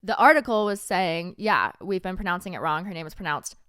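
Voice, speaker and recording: A woman co-hosting a casual chat podcast, talking fast with quick asides and frequent laughs. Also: lowish voice, lively intonation, fairly bright tone, smooth, no room sound, clean studio sound. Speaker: podcast co-host.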